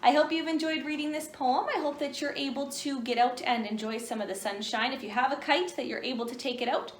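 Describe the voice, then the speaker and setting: A young woman teaching an online lesson to grade one children, speaking clearly and encouragingly. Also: sits high, steady tone, a little fast. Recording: echoey room with faint hum.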